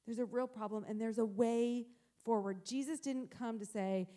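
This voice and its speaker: Woman pastor, thirties, higher voice, earnest sermon storytelling, faint music underneath. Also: steady tone, normal speed, dark tone. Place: church.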